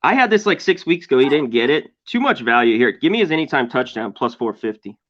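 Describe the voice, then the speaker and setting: A man's voice: medium pitch, lively intonation, fast talker, fairly bright tone. Male sports bettor guest, loose and rambling, slightly muffled recording. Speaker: sports betting handicapper. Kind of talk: casual sports betting chat.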